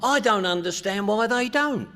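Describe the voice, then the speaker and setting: A middle-aged man with a London accent speaks to a crowd in a bright, fairly high voice. His pitch swings widely as he tells comic stories in a punchy way, now and then breaking into a shout. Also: expressive, moderate pace. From England. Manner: loud, joking, punchy with bursts of shouting. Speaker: recovery meeting speaker. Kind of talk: comic storytelling talk to a crowd.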